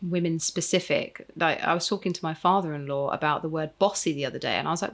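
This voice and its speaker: A woman with a slightly low voice talks in a casual podcast conversation. She searches for her words with lots of fillers and trails off quietly. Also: fast. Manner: hesitant, many fillers, trails off softly. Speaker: podcast co-host. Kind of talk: casual chat.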